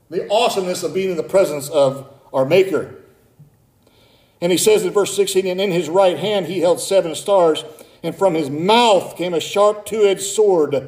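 Pastor, male, preaching sermon, higher-pitched voice, echoey church room. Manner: preaching, builds from low and quiet to high and urgent.

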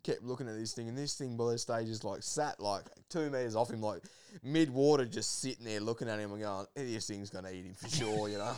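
A man telling a story in casual conversation, his voice smooth and clear at an ordinary pitch. He gets animated as he goes, laughing and trailing off in fillers. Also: a little fast. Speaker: podcast guest.

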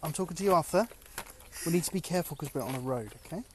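A woman talking to her children on a walk by a road, patient and lightly teasing, often hushing them. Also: low voice, racing. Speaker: parent. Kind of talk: casual chat with children. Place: road, outdoors. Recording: outdoor recording with clear background noise.

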